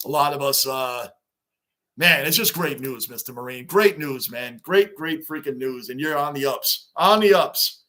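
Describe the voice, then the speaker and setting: A man's voice: medium pitch, measured pace, pushed and bright. A man hosting a sports livestream, chatting casually and animatedly with viewers by name. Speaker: livestream host.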